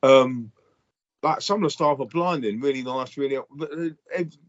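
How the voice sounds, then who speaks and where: A middle-aged man rants through a story, blunt and sweary, at an ordinary, middling pitch. The sound is a little dull and muffled, as if the recording lost its top end. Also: normal speed. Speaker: podcast co-host. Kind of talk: casual chat.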